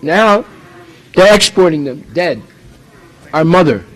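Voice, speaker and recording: Emphatic high-voiced male preacher. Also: lively intonation, takes it slowly, fairly bright tone, poor audio. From United States. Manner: emphatic, rhetorical questions. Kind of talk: sermon.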